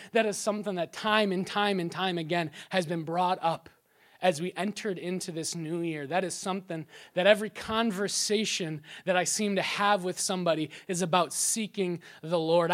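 Man preaching a lively sermon. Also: high-pitched, moderate pace. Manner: animated storytelling, drops to soft hushed tones for quotes. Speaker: pastor.

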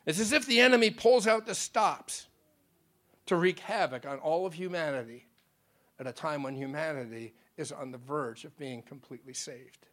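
A male pastor preaches in a relaxed, conversational tone that turns earnest when he makes his point. His voice sits slightly high for a man. He moves easily between dramatic storytelling and direct address to the congregation. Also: moderate pace.

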